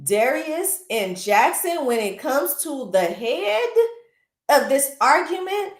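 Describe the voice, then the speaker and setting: A woman hosting a casual movie recap, animated and chatty, with lots of asides to her viewers, recorded in a roomy space. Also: sits high, slow. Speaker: film recap host. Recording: roomy echo.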